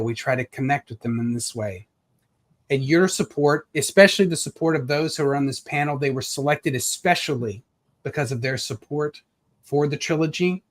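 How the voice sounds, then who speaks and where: A man speaks with an earnest, reflective warmth, pausing and searching for words. His voice sits at a middle pitch. It is heard over a video call. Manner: earnest and reflective, with pauses and fillers. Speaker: author. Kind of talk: heartfelt speech at a live launch event.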